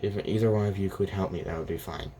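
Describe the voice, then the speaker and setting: A man's voice: low voice, steady tone, fast talker, warm tone, a little hiss or hum. A young man telling an improvised fan story, rambling with constant restarts and quoting each character's lines in his own plain voice.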